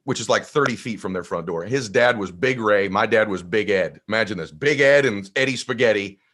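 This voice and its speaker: A man telling a personal story in an energetic, conversational way as a podcast guest. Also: lowish voice, a little fast. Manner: energetic, conversational, acts out voices. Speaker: guest speaker.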